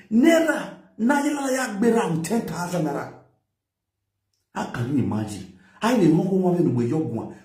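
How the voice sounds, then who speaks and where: Nigerian man, lecturing tone, mellow and dark voice, pitch swinging up and down, echoey room. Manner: lecturing, mixing pidgin and local language. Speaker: social media commentator. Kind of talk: scolding commentary.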